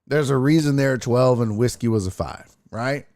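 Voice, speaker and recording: A man's voice: medium pitch, normal speed, darkish tone. A man hosting a live-streamed sports talk show, chatting loosely with viewers, joking and swearing. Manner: loose, profane, joking banter with chat.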